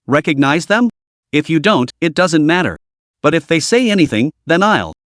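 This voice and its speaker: A man's voice: a little high, very animated, normal speed, a bit bright, no echo, clean studio sound. A man voicing a ruthless young male underworld boss who questions people in a curt, menacing way. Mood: cold, menacing.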